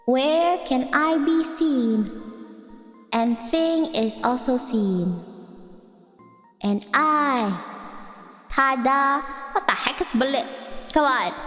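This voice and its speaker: A woman's voice: sits high, drawn-out words, pauses often, a bit bright. A young woman streaming, chatting casually with viewers in a playful, giggly, rambling way, with an echo effect on her voice. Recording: echoey reverb with faint music.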